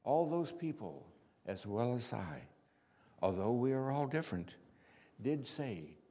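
A man preaching a dramatic first-person sermon monologue, slow storytelling that drops to hushed tones and bursts out loud. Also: medium pitch, big pitch swings. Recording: reverberant hall.

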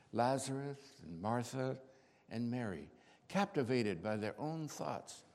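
A man preaching a dramatic first-person sermon monologue, slow storytelling that drops to hushed tones and bursts out loud. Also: medium pitch. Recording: reverberant hall.

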